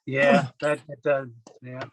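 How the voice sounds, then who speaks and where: A man's voice: mid-range voice, little pitch movement, slow, fairly bright tone, a little hiss or hum. A man chatting on a video call, teasing the others with dry humor. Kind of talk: casual video call chat.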